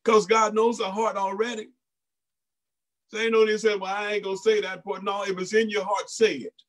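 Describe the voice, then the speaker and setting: Male pastor, high voice, preaching with call-outs and acted-out quotes. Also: flat delivery, normal speed, low-quality recording. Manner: preaching in a folksy Black church style, with repeats and exclamations; acts out voices in quoted lines. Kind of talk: sermon.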